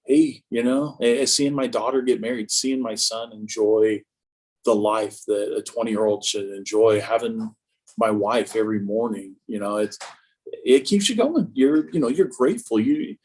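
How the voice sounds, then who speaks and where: A man's voice: lowish voice, normal speed, a little mellow, slightly rough, poor audio. A man in his fifties, a guest in a casual interview, telling stories about his life with a self-mocking, joking humor. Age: 50s. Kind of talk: casual conversation.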